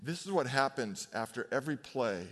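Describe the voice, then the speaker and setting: A man in his fifties preaching a sermon as a pastor, conversational, telling personal stories and slowing down for emphatic pauses. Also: mid-range voice, expressive, fairly bright tone. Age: 50s. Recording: long hall reverb.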